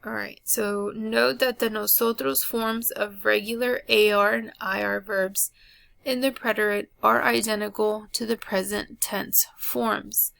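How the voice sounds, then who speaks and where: A woman's voice: mid-range voice, gravelly, no echo. A woman teaching a Spanish grammar lesson, talking students through a chart with frequent ums and uhs. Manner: slow, flat delivery with frequent ums and uhs. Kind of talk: recorded classroom lesson.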